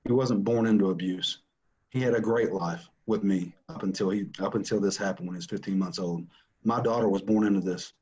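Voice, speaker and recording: Speaking briskly in a low, dark voice, a father gives personal testimony about his family. He is earnest and emphatic, repeating things for emphasis, and the recording is muffled.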